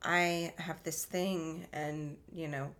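Brief: podcast co-host woman, unhurried and thoughtful, a bit low. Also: little pitch movement, fairly bright tone. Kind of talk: casual chat.

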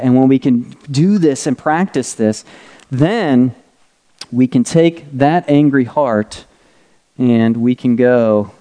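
This middle-aged pastor gives a conversational teaching sermon, sketching a diagram on a board while speaking and frequently checking in with "right?" and "okay?". His voice is warm and sits at a medium pitch.

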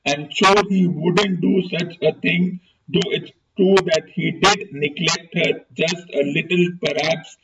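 A man's voice: a little high, gravelly. A man putting on a cold, scornful young woman. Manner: bitter, mocking mimicry of gossip. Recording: distant, muffled, noisy recording.

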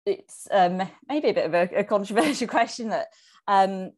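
A woman's voice: medium pitch, animated, normal speed, darkish tone. A woman hosting an interview, asking questions with encouraging remarks and hesitant fillers. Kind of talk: casual interview.

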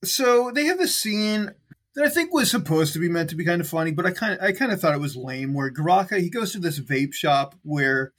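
A man's voice: a little high, expressive, fairly quick, a bit bright. Chatty man recapping a movie. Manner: rambling, lots of "like" and "um" fillers, laughs easily. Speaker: podcast co-host recapping a film. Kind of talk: casual chat.

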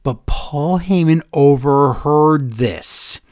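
A podcast co-host with a slightly high voice speaks slowly while recapping wrestling, lively and switching voices to act out quotes. The audio is dry and studio quality.

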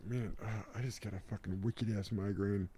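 A man's voice: on the low side, fairly even intonation, fairly quick, dark tone. Crude laid-back podcast guy. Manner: crude, laughing, loose. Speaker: podcast co-host. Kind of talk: casual chat.

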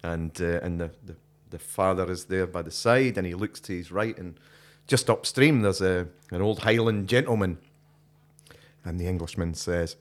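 Low-voiced Scottish man, hesitant chat. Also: moderate pace. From Scotland. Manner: hesitant, restarts often, laughs easily. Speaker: podcast co-host. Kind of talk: casual chat.

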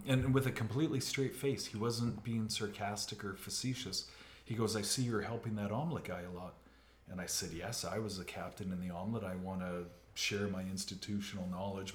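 A man from Canada hosting a casual talk, telling stories with animated energy, swearing and laughing along the way. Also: fairly low pitch, echoey room. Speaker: podcast host. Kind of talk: casual conversation.

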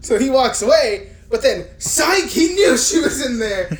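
A woman's voice: high-pitched, expressive, unhurried, slight background noise. A woman co-hosting a casual film podcast, swearing freely and laughing as she recaps scenes. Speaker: podcast co-host.

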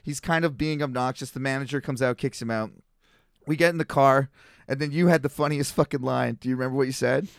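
A man's voice: fast talker, creaky, clear, resonant tone, no echo, studio quality. A man casually telling stories on a podcast, acting out the people in them with a raised voice. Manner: animated storyteller, acts out others in a higher voice. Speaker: podcast co-host. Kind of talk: casual chat, storytelling.

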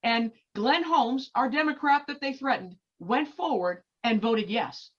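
A middle-aged woman telling a story in an interview, animated, with many repeated restarts. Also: a little high, a little slow. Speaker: activist guest. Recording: dull lo-fi recording.

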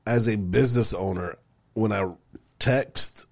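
A Texan man from Houston with a lowish voice talks through easygoing, joking banter. His delivery stays relaxed and conversational. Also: measured pace, creaky. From Houston, Texas, US. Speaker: podcast co-host, business owner. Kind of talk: casual chat.

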